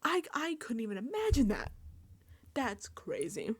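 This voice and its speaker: A woman's voice: a little high, big pitch swings, unhurried, slightly rough, dry recording. Exasperated woman ranting a TV recap. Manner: exasperated, rambling, swears freely. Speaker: reality TV recap vlogger. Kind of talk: casual recap commentary.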